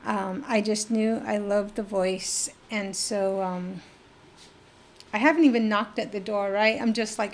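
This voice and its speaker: Lively middle-aged woman telling a story. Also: medium pitch, unhurried. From New Mexico. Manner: lively, acts out quoted dialogue, many fillers. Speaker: podcast guest. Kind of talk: personal storytelling in conversation.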